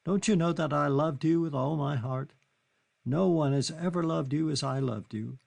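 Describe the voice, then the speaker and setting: A man's voice: a little high, normal speed, vocal fry, darkish tone, voice pushed up. A man reading an audiobook, voicing a grief-stricken young Englishwoman who sobs, pleads and lashes out. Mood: pleading. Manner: sobbing, pleading, furious.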